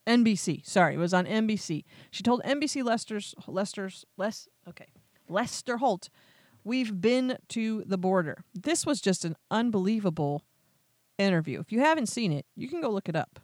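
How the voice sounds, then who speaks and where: Animated sarcastic woman commentator. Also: mid-range voice, a little fast, no echo, clean studio sound. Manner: sarcastic, incredulous, exasperated; quotes others in animated retellings. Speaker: political commentary host. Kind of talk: opinionated news commentary.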